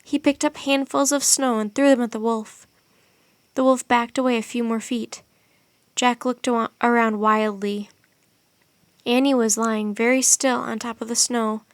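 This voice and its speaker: A woman with a fairly high voice reads a children's adventure story aloud. Her storytelling is expressive and steady. The recording is close and dry, as in a studio. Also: moderate pace, dry recording. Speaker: narrator. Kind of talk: audiobook narration.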